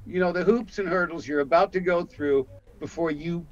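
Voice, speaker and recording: An older man from Canada tells stories from his acting career, slipping into quoted voices as he goes. His voice sits fairly high for a man. The audio is dull and lo-fi. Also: normal speed. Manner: animated storyteller, acts out quotes. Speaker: guest actor. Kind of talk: casual interview storytelling.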